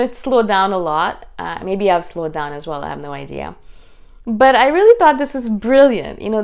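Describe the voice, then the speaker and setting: Fast-talking intense woman vlogger. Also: fairly low pitch, clear, resonant tone. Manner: fast, intense, animated delivery. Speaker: YouTube host. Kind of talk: casual talking-head monologue.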